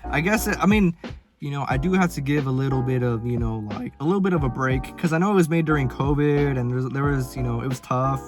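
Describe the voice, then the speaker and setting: A young adult film vlogger rants casually about ranking movies, talking fast at medium pitch, swearing a lot and using heavy slang. Background music runs under his voice.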